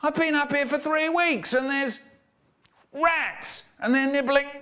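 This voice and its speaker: A man voicing a whiny young schoolchild who begs in a high, drawn-out whine. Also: bright, forceful tone, heavily acted. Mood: pitiful.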